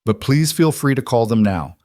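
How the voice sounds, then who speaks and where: A man voicing a smooth, educated and coldly polite man who makes threats. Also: medium pitch, expressive, moderate pace, darkish tone, no echo, studio quality, pitched above the performer's own voice, lightly acted. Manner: smooth and educated, turning hard.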